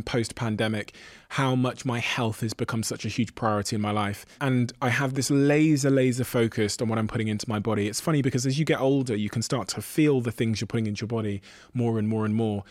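A man's voice: mid-range voice, quick pace, darkish tone, dry recording, studio quality. A man hosting a podcast, reading sponsor messages and asking questions in an earnest, emphatic way. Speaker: podcast host. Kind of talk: sponsor read and interview.

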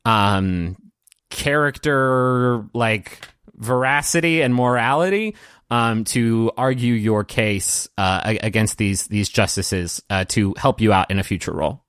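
A man narrating as game master of a tabletop game, halting and full of fillers. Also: lowish voice, a bit bright, smooth, no room sound, studio quality.

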